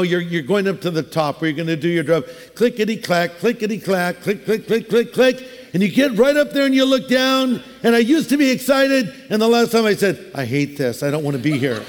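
A man preaching a sermon in a relaxed, conversational way, mixing scripture with humorous everyday asides. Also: high voice. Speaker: pastor. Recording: long hall reverb.

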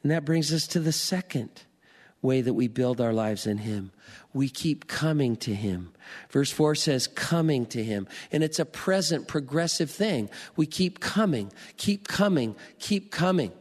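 A pastor preaching a sermon, slow and emphatic, building to rising declarations. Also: male voice, medium pitch, expressive, big-room sound.

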